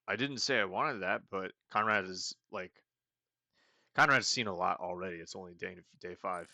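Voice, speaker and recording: A man's voice: sits low, moderate pace, gravelly, bright, forceful tone, no echo. A man hosting a let's play, thinking aloud in casual commentary and reading the game's text as he goes. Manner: rambling, thinking aloud with restarts. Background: game music.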